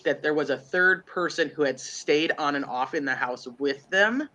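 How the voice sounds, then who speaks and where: A man's voice: on the high side, normal speed, bright, forceful tone. A congested man co-hosting a true crime livestream, rambling and thinking aloud with lots of fillers. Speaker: livestream co-host.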